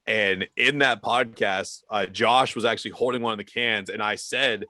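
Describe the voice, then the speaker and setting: A man's voice: mid-range voice, steady tone, moderate pace, few pauses, pushed and bright, no echo. A man guesting on a podcast over a video call, telling a story with laughs. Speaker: podcast guest, hosts his own podcast. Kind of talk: casual chat.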